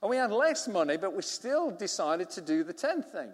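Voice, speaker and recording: In a church hall with a long, echoing reverb, a middle-aged man preaches as a vicar, narrating a story and performing its dialogue. He speaks at normal speed in a high-pitched, very animated voice.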